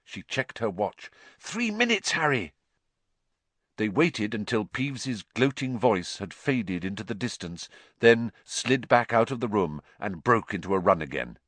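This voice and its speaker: A man reads a storybook aloud with an expressive, lively delivery, his pitch rising and falling freely. The recording is dry and close, like a small studio booth. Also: normal speed, few pauses, no room sound. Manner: expressive, acts out each character. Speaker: audiobook narrator. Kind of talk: audiobook reading.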